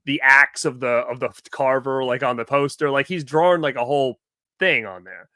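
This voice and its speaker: Male co-host, casual raconteur, bright slightly high voice, acts out quotes, dry close sound. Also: normal speed, dry recording. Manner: animated retelling with acted-out quotes, heavy "like" fillers. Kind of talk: casual storytelling chat.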